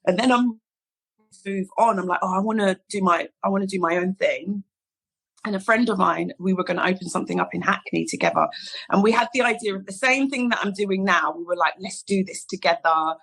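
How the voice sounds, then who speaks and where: A woman's voice: mid-range voice, a little fast, gravelly, fairly bright tone, breathy edge, rough recording. A woman in her thirties with a London accent, a salon founder telling stories in a casual interview and acting out the people she quotes. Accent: London English. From England. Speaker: guest, hairdresser and salon founder.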